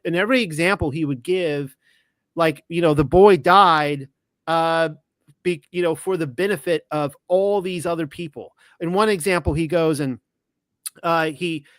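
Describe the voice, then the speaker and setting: Slightly high-voiced rambling man. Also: no echo. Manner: rambling, with frequent restarts and self-corrections; retells stories with lively quoted dialogue. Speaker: podcast host. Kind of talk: casual monologue.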